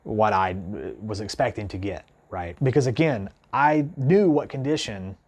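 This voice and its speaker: A man's voice: lowish voice, moderate pace. A man vlogging casually to camera, telling an indignant story in a rambling way, full of "like" and "you know". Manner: animated, indignant retelling with many restarts. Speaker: guitar vlogger.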